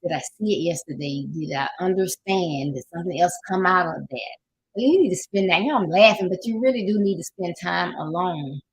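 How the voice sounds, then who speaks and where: A woman's voice: on the low side, lively intonation, a little fast, a little hiss or hum, poor audio. An older woman with a Southern US accent, hosting a casual motivational talk, folksy and preachy, sometimes laughing as she talks. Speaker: life coach host.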